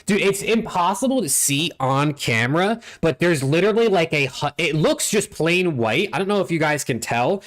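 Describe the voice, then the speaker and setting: A man's voice: fairly high pitch, lively intonation, moderate pace, few pauses, a bit bright. A young man from the United States, hosting a live-stream watch party and chatting casually with his viewers, laid-back and profane, on a desk mic at home. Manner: laid-back, profane, talks to chat and reads out usernames.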